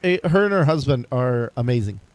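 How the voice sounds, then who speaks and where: A man co-hosting a casual podcast, telling stories in a rambling, animated way with lots of restarts. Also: mid-range voice, quick pace, no echo. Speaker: podcast co-host. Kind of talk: casual chat.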